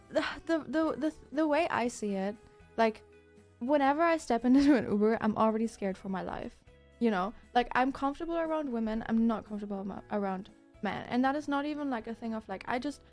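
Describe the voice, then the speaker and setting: A woman's voice: a little high, a little fast, faint music behind. A young woman from Germany with a German accent, a streamer casually telling a story to her chat, acting out the people in it and cursing freely. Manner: animated, acts out quotes, swears, many fillers.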